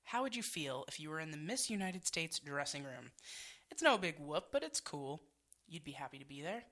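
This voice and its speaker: A woman co-hosting a chatty podcast, her voice bright and her pitch bouncing all over. She reads out quiz options between bursts of laughter and casual swearing. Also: big pitch swings, moderate pace. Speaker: podcast co-host. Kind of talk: casual chat.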